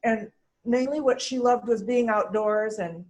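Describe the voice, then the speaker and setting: A woman speaks of her mother at an online funeral, emotional and close to tears. Her voice is soft and hesitant, with trailing pauses. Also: fairly high pitch, low-quality recording. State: emotional, holding back tears. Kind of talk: unprepared personal eulogy over video call. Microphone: video call.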